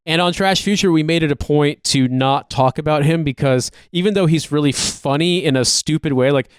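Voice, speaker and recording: A man's voice: medium pitch, clean tone, no echo, clean studio sound. A man co-hosting a podcast, chatting casually in a rambling, profane way with lots of "like". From United States. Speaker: podcast co-host. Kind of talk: casual chat.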